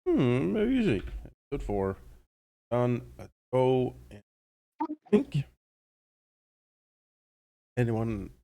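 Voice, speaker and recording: Man with a gravelly early-morning voice. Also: medium pitch, huge pitch swings, slow, pauses often, warm tone. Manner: laughs often, joking and chatty. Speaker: co-op game player. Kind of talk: casual gameplay chat.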